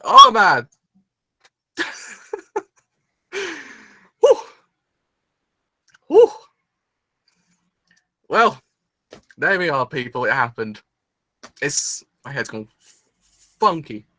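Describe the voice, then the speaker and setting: A man's voice: fairly high pitch, wildly swooping pitch, extremely slow, pauses often, bright, forceful tone, dry recording. A young man hosting an anime reaction video, gushing and exclaiming in a breathless, rambling way. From England. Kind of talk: excited solo reaction video.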